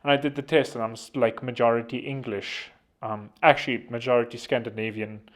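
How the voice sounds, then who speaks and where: A man talks to camera in a loose, rambling commentary. He is from South Africa and speaks at a middle pitch. He keeps breaking off into sarcastic side remarks and asking himself where he was. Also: fairly even intonation, a little fast. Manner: digressive, sarcastic, self-interrupting asides. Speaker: commentary vlogger.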